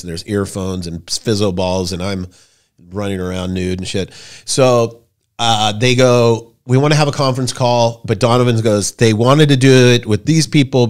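A man in his forties, a podcast guest, tells stories in a casual, rambling and profane way, jumping into loud high voices when he quotes people. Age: 40s. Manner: acts out quoted voices with big pitch jumps. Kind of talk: casual storytelling chat.

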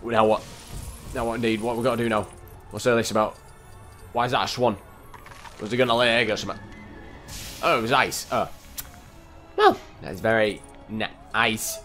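A young man giving rambling, excitable commentary while playing a video game and talking to the characters on screen. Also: lowish voice, a little fast, faint music behind. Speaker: gameplay commentator. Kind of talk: casual let's-play commentary.

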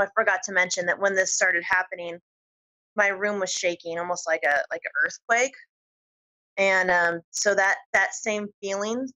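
A woman guest on an interview show, telling a personal story in a lively, giggly way. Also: medium pitch, rough recording. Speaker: podcast guest.

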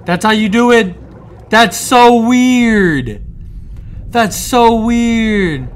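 Excitable high-voiced young man gaming. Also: very slow, a little hiss or hum. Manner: excitable, swearing, laughing, talking to the game. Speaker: gamer playing through a video game. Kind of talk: let's-play commentary.

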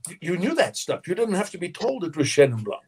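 A man, a winemaker guest in an interview, telling lively anecdotes and acting out quotes with frequent laughter. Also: sits high, fast, breathy edge. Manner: animated storyteller, acts out quotes, laughs often.

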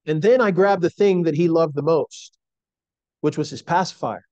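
Male preacher, middle-aged, earnest and emphatic, slightly high, dry sound. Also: darkish tone, no echo, dull audio. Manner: earnest, slow emphatic delivery. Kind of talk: sermon.

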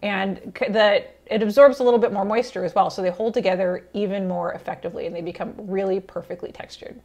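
An upbeat woman hosts a home cooking video, chatting about a recipe in an easygoing way. She sounds excited and natural, with relaxed fillers and the odd little laugh, and her pitch sits at a middle height. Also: fast, creaky. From Italian heritage. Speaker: cooking show host. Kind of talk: casual cooking talk to camera.

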